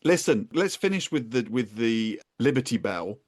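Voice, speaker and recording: An English man with a British accent hosting a podcast. He chats in a relaxed way with short replies, in an ordinary mid-range voice. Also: mid-range voice, normal speed. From England. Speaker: podcast host. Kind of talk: casual chat.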